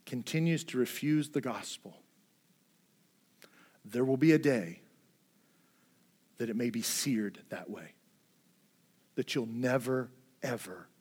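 A man preaching a sermon in an earnest way, swinging between hushed, low passages and emphatic, louder ones. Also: slow pace, long pauses, breathy edge. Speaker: pastor.

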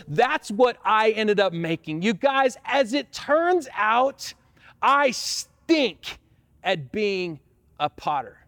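A pastor telling a personal story in a sermon, lively at times and quiet and prayerful at others. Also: male voice, sits high, slow, no room sound.

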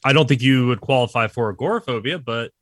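A chatty man in his thirties tells stories in a casual podcast conversation and jumps into the voices of his friends as he goes. His pitch sits in the middle for a man. The recording is close and dry, with no room sound. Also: quick pace, no echo. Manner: animated storyteller, acts out quoted friends. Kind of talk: casual chat.

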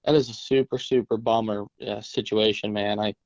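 A man's voice: lowish voice, steady tone, a little mellow, muffled recording. A man with a West Virginia accent, co-hosting a podcast and talking in a sympathetic, reflective way. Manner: sympathetic, reflective, drawn-out phrasing. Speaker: podcast co-host. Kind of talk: casual podcast chat.

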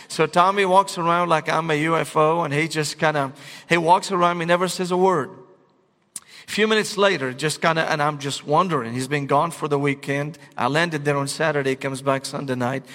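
Pastor telling a funny story. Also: male voice, a little high, fairly quick. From Syria. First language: Arabic. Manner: animated, comic storytelling to a congregation. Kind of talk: sermon with humorous storytelling. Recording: long reverb of a large hall.

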